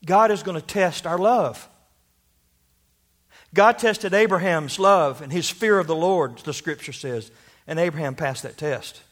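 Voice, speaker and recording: A man's voice: on the high side, a little slow, a bit bright. A man preaching a sermon, telling a story and asking rhetorical questions.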